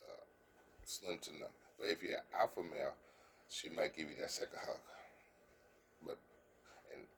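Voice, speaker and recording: Speaking low over a little hiss or hum, this man coaches the camera on dating in a casual, earnest way. His delivery halts and repeats words, he trips over his phrasing a lot, and he keeps asking "you understand?"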